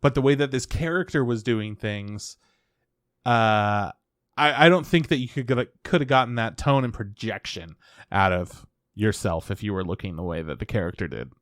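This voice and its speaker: A man's voice: fairly low pitch, normal speed, a bit bright, dry recording. Easygoing male podcast co-host, dry close mic. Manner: thoughtful, rambling critique with fillers and laughs. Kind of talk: casual chat reviewing an anime.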